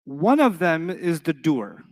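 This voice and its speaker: Lively higher-voiced man teaching a class. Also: slow pace. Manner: lively, asks the class questions often. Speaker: Arabic teacher. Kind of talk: classroom grammar lesson.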